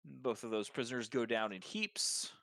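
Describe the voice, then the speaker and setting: A man's voice: mid-range voice, normal speed, creaky, fairly bright tone, dry recording. A man narrating as game master of a tabletop game, describing scenes with fillers and restarts.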